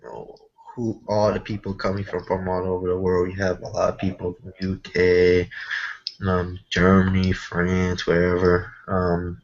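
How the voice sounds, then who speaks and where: A man co-hosting a casual wrestling chat, talking haltingly with many fillers. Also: deep voice, monotone, dull audio. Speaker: wrestling show co-host.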